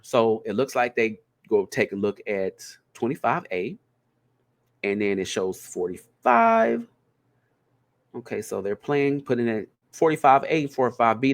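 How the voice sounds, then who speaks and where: A man reading deposition transcripts aloud and breaking in with sassy commentary between passages. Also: medium pitch. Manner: animated, sassy asides between read-out passages. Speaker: commentator reading court documents.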